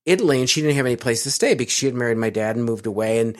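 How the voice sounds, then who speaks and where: A man's voice: mid-range voice, rapid-fire. Middle-aged American man, casual interviewee, rambling delivery full of ums and restarts. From United States. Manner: rambling, with many fillers and restarts.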